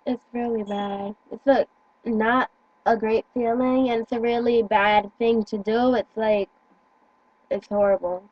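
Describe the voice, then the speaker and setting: A woman's voice: a little high, fairly even intonation, a little slow, no room sound, lo-fi sound. Rambling teen girl on a phone. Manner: rambling, many "like"s, stumbles over words. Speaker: teen vlogger. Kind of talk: earnest casual chat.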